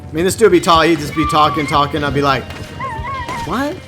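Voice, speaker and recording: Talking very fast over music, a male game streamer with a higher, fairly even-toned voice chats loosely with his viewers, rambling along and stopping and restarting sentences many times.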